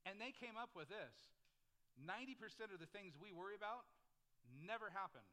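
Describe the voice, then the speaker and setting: Bright, high-voiced man preaching. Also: expressive, brisk. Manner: conversational preaching with frequent "like" and call-and-response. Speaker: pastor. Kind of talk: sermon.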